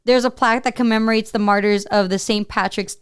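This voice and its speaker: A woman co-hosting a podcast, chatty and relaxed, reading bits of notes aloud and filling gaps with "like." Her voice is extremely clean and crisp at a middle pitch. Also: fast talker, dry recording, clean studio sound. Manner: chatty, many "like" fillers, stumbles when reading. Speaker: podcast co-host.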